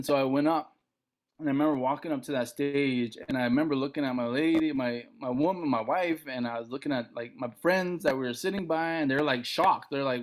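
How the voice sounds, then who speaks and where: A middle-aged man from Montana, a comedian guest telling a story on a podcast, acting out other people's lines. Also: brisk. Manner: animated, acts out other people's lines with big pitch jumps.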